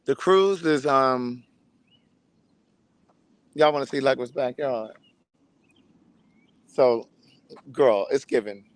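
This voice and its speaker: A man's voice: medium pitch, slow, long pauses, dry recording. A man hosting his own show, showy in intros and loosely chatty on a phone live stream from a backyard. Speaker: host. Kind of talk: scripted promo and casual live stream. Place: friend's house, backyard.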